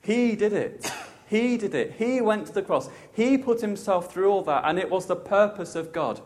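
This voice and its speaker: A man preaching a sermon with an emphatic, repetitive cadence, dropping soft and low for reverent passages. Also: lively intonation, moderate pace, long reverb tail.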